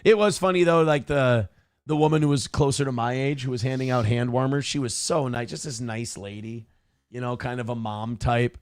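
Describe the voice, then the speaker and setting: A man's voice: medium pitch, fairly even intonation, normal speed, clean tone, no echo. A man hosting a morning show, telling stories casually and profanely, with acted-out quotes. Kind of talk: casual chat. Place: home studio.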